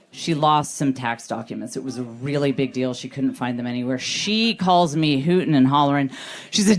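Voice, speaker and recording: A middle-aged woman performing a stand-up comedy set, telling self-deprecating stories with animated delivery. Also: sits low, normal speed.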